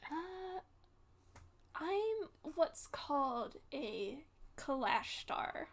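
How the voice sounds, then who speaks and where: A woman playing a gentle young man in a role-play, speaking softly and haltingly with many fillers. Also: sits high, big pitch swings, gravelly, a little hiss or hum, full character voice. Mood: explaining. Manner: soft, hesitant, many fillers. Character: gentle reassuring young man, secretly not human.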